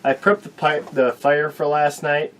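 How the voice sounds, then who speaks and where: A man's voice: on the high side, unhurried, a little hiss or hum, rough recording. A man co-hosting a casual talk show, telling stories about his family and food. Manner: animated storyteller. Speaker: co-host. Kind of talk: casual chat.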